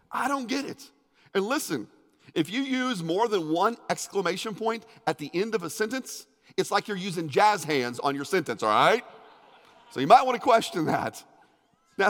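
Guy preaching in church, chatty and jokey then hushed, bit of a higher voice, big echoey room. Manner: emphatic, swings between loud and hushed; conversational with joking asides. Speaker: pastor. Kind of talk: sermon. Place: church sanctuary. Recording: long hall reverb.

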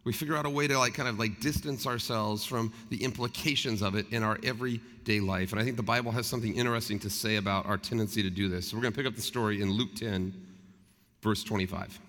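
A male pastor with a fairly low, steady, fairly bright voice preaches quickly, speaking earnestly and conversationally and posing rhetorical questions to his listeners. The church sanctuary adds the long reverb of a large hall.

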